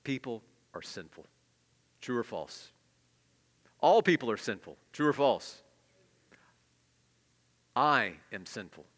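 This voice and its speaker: A middle-aged male pastor preaching a sermon, swinging between loud emphatic peaks and hushed confessional asides. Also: medium pitch, animated, takes it slowly, long pauses. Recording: long hall reverb.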